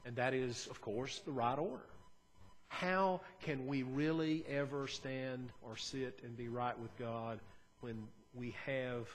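A man's voice: medium pitch, fairly even intonation, slow pace. Earnest man preaching a sermon. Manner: earnest, conversational preaching with shifts between soft and emphatic. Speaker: pastor.

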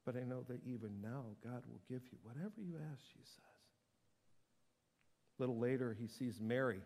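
A man preaching a sermon, dropping to a whisper and building to loud, emphatic passages. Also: mid-range voice, moderate pace, big-room sound. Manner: dramatic swings from whisper to loud. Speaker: pastor.

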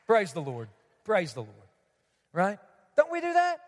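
A man's voice: high-pitched, wildly swooping pitch, unhurried. A man preaching a sermon as pastor, emphatic, repeating key lines and asking the congregation questions. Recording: long hall reverb.

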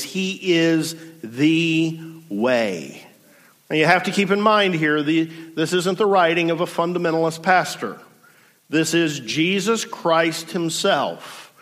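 A man preaching a sermon as pastor, emphatic, slowing down and dropping low to stress key words. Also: fairly bright tone, in a large hall.

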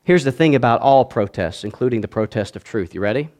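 A pastor delivers a sermon in a medium-pitched voice with lively intonation, talking fast. He alternates between loud proclamation and quiet asides, urging the congregation to respond.

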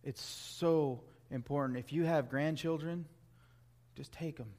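A man's voice: fairly high pitch, measured pace, a little mellow. A man, a youth pastor, preaching a sermon in an earnest, emphatic way, repeating key phrases.

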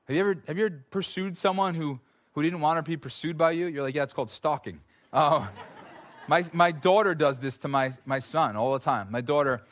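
A man in his thirties preaching a sermon, telling stories in an animated way and repeating words as he builds a point. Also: fairly high pitch. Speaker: pastor.

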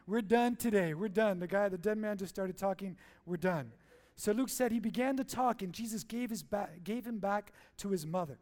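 High-voiced preacher guy in church, jokey, keeps quizzing the crowd. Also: moderate pace, darkish tone. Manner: playful, jokey, with call-and-response questions. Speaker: pastor. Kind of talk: sermon.

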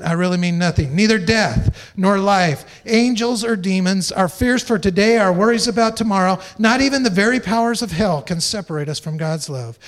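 A man preaching a sermon as pastor, emphatic, stressing points through repeated phrases and joking lightly with the congregation. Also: high-pitched.

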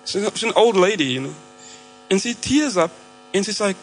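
A man's voice: high voice, expressive, fast talker, faint music behind, low-quality recording. An Australian man preaching a sermon, telling a story conversationally with frequent fillers and restarts.

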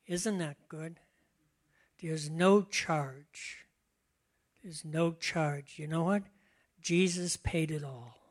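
An older pastor speaks in a relaxed, chatty way, laughing often. His voice sits fairly high, and he takes his time, drawing out the words he wants to stress. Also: extremely slow, long pauses. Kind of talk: conversational sermon.

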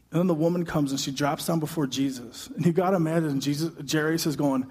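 A man with a high voice delivers a sermon from a church stage, retelling the story and slipping into its characters' voices. His words carry a long reverb from the hall around him. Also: fast talker, few pauses, husky. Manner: dramatic, acts out voices, builds to shouting. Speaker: pastor.

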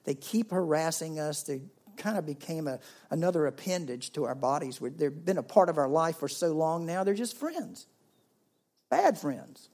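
A man preaching a sermon, telling a story with swings between loud, lively passages and hushed, quiet ones. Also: on the high side, normal speed. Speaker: pastor.

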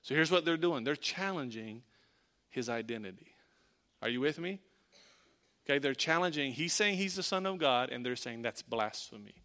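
A man preaching a sermon as a pastor, emphatic, repeating lines and dropping to a hush for weight. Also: mid-range voice, expressive, moderate pace.

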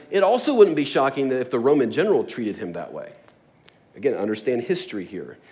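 Guy preaching, really expressive up and down voice, acts out the bits as he goes. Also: mid-range voice. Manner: animated storytelling with acted asides. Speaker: pastor. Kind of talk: sermon.

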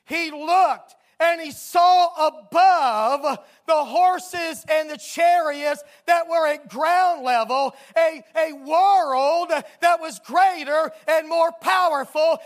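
A preacher delivering a sermon, telling a story dramatically and bursting into emphatic shouts. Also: very high voice, slow, hardly any pauses.

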